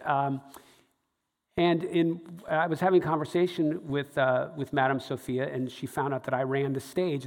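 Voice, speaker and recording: A man's voice: mid-range voice, long reverb tail. A man, a stage show producer, telling a rambling live anecdote to a crowd with many fillers and restarts.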